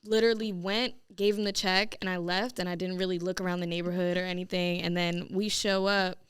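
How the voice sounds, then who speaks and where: Chatty New woman with a very clear voice. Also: lowish voice, level tone, fairly quick, dry recording, studio quality. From Staten Island, New York. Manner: chatty, lots of "like" fillers. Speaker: guest singer and rapper. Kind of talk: casual interview chat.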